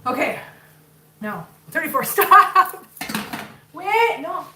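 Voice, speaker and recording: A woman's voice: very high voice, big pitch swings, slow. A woman with a Minnesotan accent chatting casually while she cooks at home on a livestream, laughing often and reading out viewer comments. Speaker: livestream cooking host. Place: home kitchen. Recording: echoey room, distant mic, noisy.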